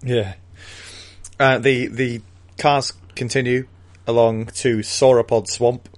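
A man's voice: medium pitch, fairly even intonation, takes it slowly. A man co-hosting a podcast, casually recapping a book chapter in a rambling way, with frequent laughs and many fillers.

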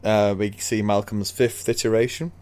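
A man's voice: on the low side, flat delivery, moderate pace, darkish tone. A man casually retelling a book chapter as a podcast co-host, laid-back and laughing often.

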